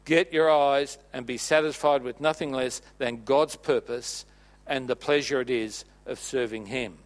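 A man preaching a sermon, earnestly urging his congregation and dropping his voice soft for emphasis. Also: medium pitch, steady tone, measured pace. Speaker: pastor.

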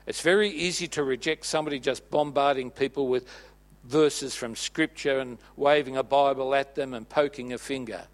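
A man preaching a sermon, earnestly urging his congregation and dropping his voice soft for emphasis. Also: mid-range voice, fairly even intonation, moderate pace. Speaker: pastor.

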